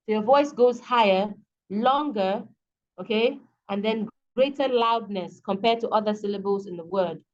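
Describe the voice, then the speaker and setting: A woman's voice: medium pitch, moderate pace, highs cut off. Nigerian woman teaching over video call. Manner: explains patiently, checks understanding with questions. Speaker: English teacher. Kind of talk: online tutorial lesson.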